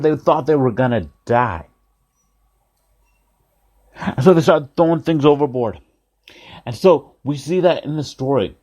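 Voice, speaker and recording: A man preaching in a mid-pitched voice, telling a story with lively, repetitive phrasing. He turns to his listeners often with direct questions. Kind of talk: sermon.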